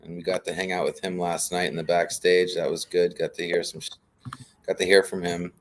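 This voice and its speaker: A man's voice: low voice, little pitch movement, a little fast. A man hosting a casual morning stream chat, laid-back and joking.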